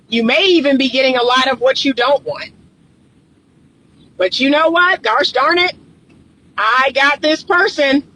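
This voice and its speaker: Slow, emphatic woman coach. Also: high-pitched, a bit bright, a little hiss or hum, poor audio. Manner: emphatic, repetitive lists, preacher-like cadence. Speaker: relationship coach. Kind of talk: direct-to-camera advice talk.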